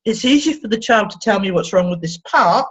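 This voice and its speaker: Woman therapist, interview guest, lively swooping delivery, husky tone, dull lo-fi sound. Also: brisk. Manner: playful, acts out quoted voices with big pitch swings. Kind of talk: animated storytelling in conversation.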